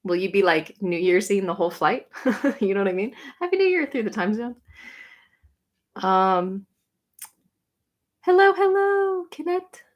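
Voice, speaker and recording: A young woman chatting casually on a livestream, answering comments with lots of "like" and quick, bright greetings. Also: mid-range voice, lively intonation. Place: home room.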